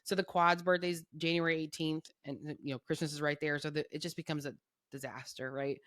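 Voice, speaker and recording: A woman's voice: low voice, fairly even intonation, brisk, fairly bright tone, no room sound, studio quality. A woman in her thirties, a podcast guest, chatting candidly about raising her kids, swearing freely and laughing through her stories. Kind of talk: casual chat.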